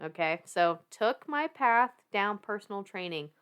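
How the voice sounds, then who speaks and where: A woman's voice: mid-range voice, a little slow, smooth. Laughing, swearing woman with a Southern accent. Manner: animated, laughs often, swears casually. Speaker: podcast guest. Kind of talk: casual podcast storytelling.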